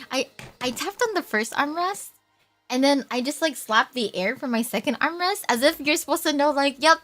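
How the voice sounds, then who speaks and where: A woman's voice: high voice, a bit bright. A young woman chatting casually on a livestream, rambling, teasing herself and laughing often. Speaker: VTuber streamer.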